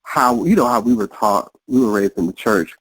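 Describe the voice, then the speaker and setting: A man's voice: fairly low pitch, lively intonation, moderate pace, husky, dry recording, poor audio. A man in casual conversation, reflective and repeating his phrases as he works through a thought. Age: adult. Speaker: podcast guest.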